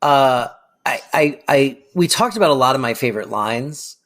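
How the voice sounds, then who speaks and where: A man's voice: mid-range voice, animated, moderate pace, fairly bright tone, faint music behind. A man co-hosting a podcast, recapping a sitcom episode in an easygoing chat with hesitations and laughs. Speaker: podcast co-host.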